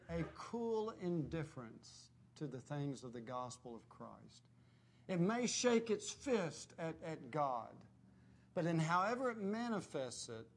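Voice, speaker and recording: A male preacher delivering a sermon at a slow, deliberate pace. His voice sits a little high, and he drops it low and quiet on the words he stresses. He clears his throat often between phrases. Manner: emphatic, dropping low and quiet on key words.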